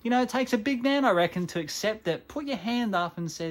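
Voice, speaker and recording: A man's voice: sits high, lively intonation, fairly quick. An Australian man with a chatty, self-mocking manner, talking casually to camera as host of a gaming channel.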